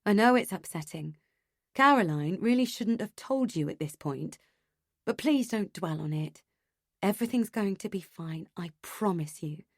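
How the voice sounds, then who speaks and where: A woman voicing a patient young husband who soothes his anxious partner in a gentle, steady way. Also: medium pitch, normal speed, dry recording, clean studio sound. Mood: firm, gentle.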